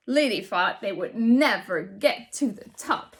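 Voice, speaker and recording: A woman reading her own children's picture book aloud, expressive and animated, pausing to ask young listeners questions. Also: mid-range voice. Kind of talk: children's storybook read-aloud.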